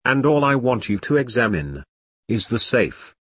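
A man voicing a flirtatious, tipsy married woman in an audiobook, speaking low, soft and teasing. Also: very animated, normal speed, slightly rough, no room sound.

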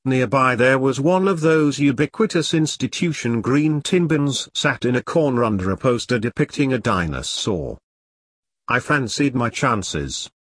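Husky guy reading a story out loud, says the commas and dots, dry close recording. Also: mid-range voice, animated, no echo. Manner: measured, speaks punctuation marks aloud. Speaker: narrator. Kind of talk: audiobook narration reading punctuation aloud.

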